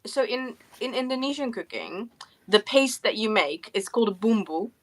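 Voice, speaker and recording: A woman's voice: a little high, expressive, normal speed. A woman co-hosting an art livestream, explaining things in a rambling, hesitant way with many fillers. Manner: hesitant, rambling, lots of ums. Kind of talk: casual chat while painting.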